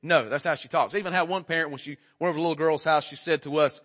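A man's voice: a little high, rapid-fire, a bit bright. A man in his forties preaching a sermon in a conversational, joking way, often quizzing the congregation. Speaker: pastor.

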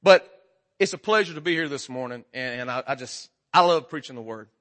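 A man's voice: mid-range voice, expressive, brisk, fairly bright tone. A man, preaching a casual sermon as a guest and joking with the congregation. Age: 40s. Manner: folksy, joking, talks straight to the congregation.

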